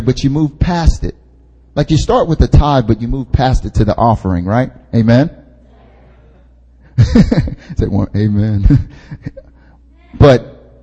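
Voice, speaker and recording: A man's voice: fairly high pitch, dark tone, breathy edge. A young man, an intern pastor, preaching at a prayer meeting in a casual, joking way, repeating his key points for emphasis. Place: church hall. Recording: long hall reverb.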